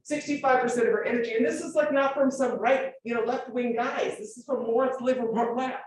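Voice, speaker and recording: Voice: mid-range voice, fairly even intonation, brisk, a little hiss or hum. A forum speaker giving an informal public lecture with slides, emphatic and full of rhetorical questions, often checking that listeners follow. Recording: very echoey room, voice far from mic, faint ambience.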